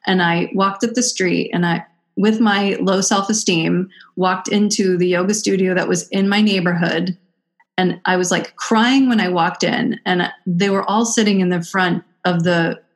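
Low-voiced woman telling a story. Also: moderate pace. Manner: animated, acts out quoted voices. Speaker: guest, Ayurvedic practitioner. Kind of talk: casual conversational storytelling.

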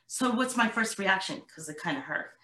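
A woman's voice: mid-range voice, normal speed. Middle-aged woman coach, chatty storyteller, roomy echo on her voice. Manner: animated storyteller, acts out her own and her daughter's lines. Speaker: guest, parenting coach. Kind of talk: conversational podcast interview. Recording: echoey room.

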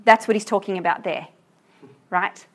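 A woman teaching a class about a poem, reading verse aloud slowly and asking her students questions with enthusiasm. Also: mid-range voice. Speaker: literature teacher.

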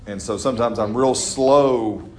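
A man's voice: medium pitch, measured pace. A middle-aged man, a pastor teaching a Bible study in a chatty, laughing way, often asking "right?" of his listeners. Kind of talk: informal teaching with congregation replies. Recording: roomy echo, faint background noise.

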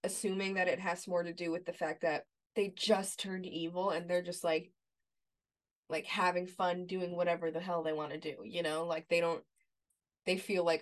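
A woman co-hosting a podcast, retelling a TV episode scene by scene in a relaxed, chatty way. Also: fairly low pitch, moderate pace. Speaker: podcast co-host. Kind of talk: casual recap chat.

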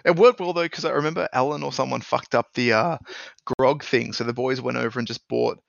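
A man in casual chat, telling stories quickly and swearing often. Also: mid-range voice, steady tone, gravelly, dull audio. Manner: fast, swearing, laughing storyteller.

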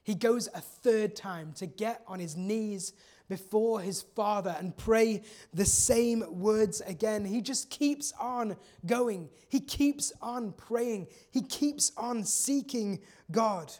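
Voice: mid-range voice, slow, darkish tone. A preacher giving a sermon in an earnest, conversational way, repeating key phrases for emphasis.

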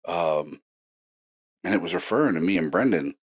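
A man hosting a paranormal show, casually and excitedly retelling an investigation with lots of fillers. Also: low-pitched, moderate pace, breathy edge. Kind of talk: casual storytelling.

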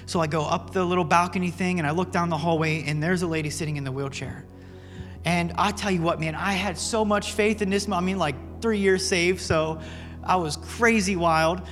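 A man's voice: high-pitched, normal speed, a bit bright. A male pastor preaching a sermon, telling stories in a casual, earnest way with fillers like "man". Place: church sanctuary. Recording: long reverb with faint music in a church.

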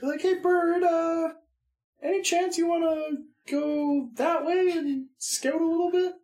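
A woman's voice: very high voice, fairly even intonation, takes it slowly, mellow. A woman playing a tabletop game, talking in a playful, giggly way. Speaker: player. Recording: echoey room.

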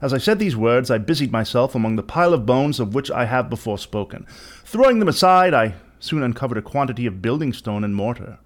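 A man's voice: medium pitch, brisk. A man giving a theatrical, interpretive reading of a classic short story. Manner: theatrical, expressive narration. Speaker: reader.

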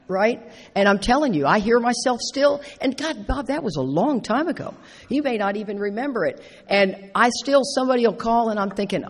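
A woman's voice: fairly high pitch, fairly quick. Folksy middle-aged woman in a big hall. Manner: animated, emphatic, folksy, repeats phrases for stress. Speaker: speaker at a recovery convention. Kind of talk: personal recovery talk to an audience. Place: large indoor meeting hall. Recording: reverberant hall.

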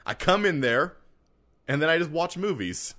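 A man co-hosting a casual podcast chat, riffing in quick excitable bursts and laughing often. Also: a little high.

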